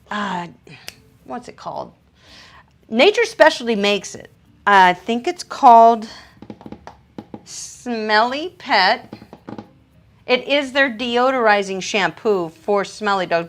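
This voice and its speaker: A middle-aged professional dog groomer with a medium-pitched voice chats on a live stream, reading out viewer comments. She gushes excitedly and laughs often.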